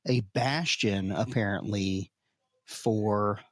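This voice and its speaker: A man in casual chat as a podcast co-host, talking haltingly with many fillers and restarts, a little curmudgeonly by his own account. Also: lowish voice, no echo, studio quality. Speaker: podcast co-host, tabletop player.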